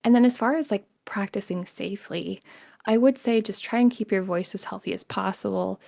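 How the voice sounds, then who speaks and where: Gravelly woman voice actor, dry sound. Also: medium pitch, fairly quick, no room sound. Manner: relaxed, explains with examples, laughs easily. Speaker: guest voice actor. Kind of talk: casual chat.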